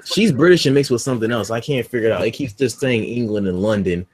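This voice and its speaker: A man co-hosting a podcast in casual chat, loud and teasing, swearing often. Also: mid-range voice, quick pace, low-quality recording. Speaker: podcast co-host.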